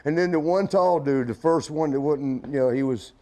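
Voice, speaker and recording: A man's voice: on the high side, normal speed, warm tone. A middle-aged man as an interview guest, telling a rambling anecdote in a casual way, often chuckling and acting out other people's lines.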